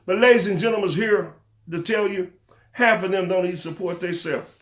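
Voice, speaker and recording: A man's voice: sits high, steady tone, normal speed. A man hosting a local talk show, scolding his audience with fervent rhetorical questions in a preacher-like style. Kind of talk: preacher-like call-and-response commentary.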